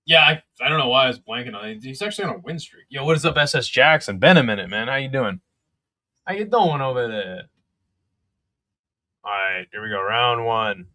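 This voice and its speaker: A young man serves as a casual companion host for a live fight, calling the action and chatting with viewers, reading their messages aloud and swearing as things heat up. His medium-pitched voice is bright, forceful and brisk, recorded close and dry on the mic with no echo or room sound.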